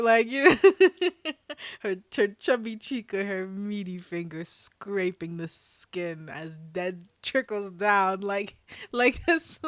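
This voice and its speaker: A woman's voice: medium pitch, no room sound. Playful woman reading a visual novel. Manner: playful, laughs often, dramatic asides. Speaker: let's play streamer.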